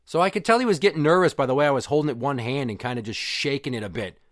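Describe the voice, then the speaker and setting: A man's voice: mid-range voice, rapid-fire, no echo, clean studio sound. Blunt, swearing middle-aged man. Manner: blunt, profane and heated. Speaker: podcast host. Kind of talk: personal storytelling monologue.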